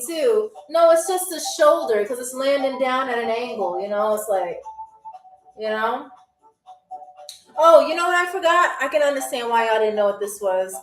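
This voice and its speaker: High-voiced woman hosting a live game. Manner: playful, teasing, talks straight to the chat. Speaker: game show host streaming live. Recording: echoey room with faint music.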